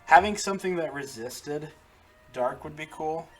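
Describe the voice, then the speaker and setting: A man's voice: on the high side, moderate pace, soft background music. A man casually commenting while he plays a video game, chatty, laughing often and talking to the characters on screen. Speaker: gaming channel host. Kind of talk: casual let's-play commentary.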